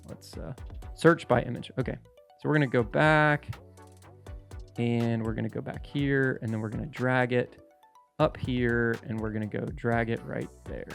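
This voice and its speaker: Gravelly-voiced man explaining casually. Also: mid-range voice. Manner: rambling, conversational, with frequent fillers and restarts. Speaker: real estate investor and channel host. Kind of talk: casual screen-share tutorial.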